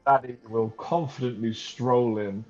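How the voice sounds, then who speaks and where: A man's voice: medium pitch, steady tone, measured pace. A man playing a tabletop game, speaking wryly as a player. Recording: dull sound with faint music.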